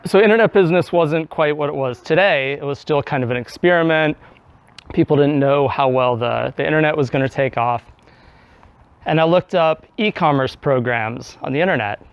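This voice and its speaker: A man's voice: fairly high pitch, no room sound. Chatty man telling a personal story. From Tennessee. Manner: conversational storyteller, acts out his own past thoughts. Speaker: speaker giving a club talk. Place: indoor meeting room.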